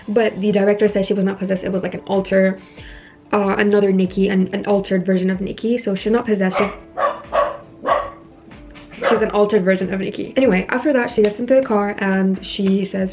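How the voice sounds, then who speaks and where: Young woman vlogger, warm soft tone, gossipy recap with light music behind. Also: mid-range voice. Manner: chatty, retelling scenes with quoted lines. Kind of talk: casual movie recap while doing makeup.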